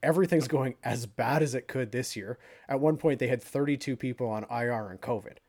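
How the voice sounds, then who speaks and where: Animated rambling sports-talk guy. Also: medium pitch, a little fast. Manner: rambling, animated, many fillers. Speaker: podcast co-host. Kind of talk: casual sports chat.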